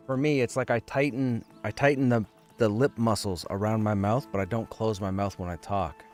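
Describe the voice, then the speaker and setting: A man's voice: lowish voice, fairly even intonation, moderate pace, hardly any pauses, darkish tone, faint music behind. Rambling, self-mocking male streamer. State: sore throat. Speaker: game streamer. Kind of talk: casual livestream chat.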